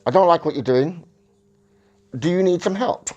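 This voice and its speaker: A man's voice: fairly high pitch, normal speed, a little mellow, muffled recording, pitched above the performer's own voice, close to an everyday voice. A man voicing a medieval English king who bluntly warns and threatens his neighbouring realms. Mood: stern.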